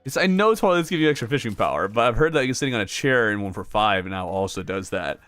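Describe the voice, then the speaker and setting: Over soft background music, a man speaks fast in a lowish voice that's expressive, clear, resonant and a bit bright, with no room sound. He chats casually with his stream while playing a game, responding to in-game moments and viewer messages and laughing often.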